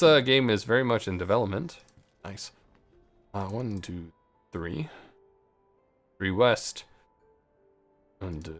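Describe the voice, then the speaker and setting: A man casually commenting while he plays a game, muttering to himself and swearing freely when something excites him. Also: fairly low pitch. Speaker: gameplay streamer. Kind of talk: casual let's play commentary. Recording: faint music behind.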